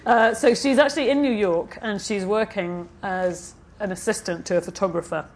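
A woman's voice: mid-range voice, moderate pace, noisy background. A woman novelist reading from her book at a live event, with chatty, hesitant asides between passages and a slight frog in her throat. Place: festival stage.

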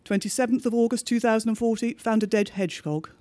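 High-voiced man reading a bleak diary. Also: steady tone, darkish tone. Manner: measured, understated diary reading. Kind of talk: scripted narration of a diary story.

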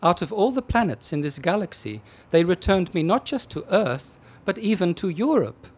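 A man puts on a composed woman in a storybook reading, her steady and precise, her voice pitched up and swinging lively over each phrase. She stays calm and matter-of-fact whatever she is asked. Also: normal speed, breathy edge, heavily acted. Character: calm unflappable German woman abductee.

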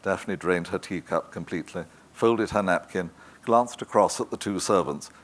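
A man narrating a literary novel in a measured, even manner. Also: low voice. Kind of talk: scripted audiobook narration.

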